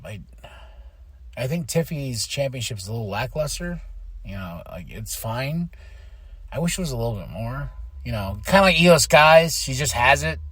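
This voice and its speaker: A man hosting a podcast, recapping a wrestling show in casual chat, exasperated and playing out people's reactions. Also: dry recording. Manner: animated, exasperated, mimics people with his voice jumping up high. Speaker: podcast host.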